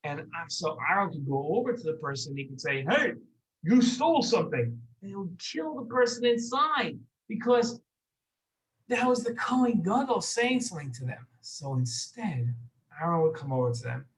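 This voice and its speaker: A children's Torah teacher telling a lesson story, gentle and repeating words for emphasis. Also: medium pitch, expressive, moderate pace, rough recording.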